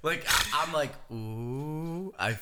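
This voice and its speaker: A man's voice: mid-range voice, animated, normal speed, background noise. A man in a casual podcast chat, playful and rambling. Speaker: podcast co-host.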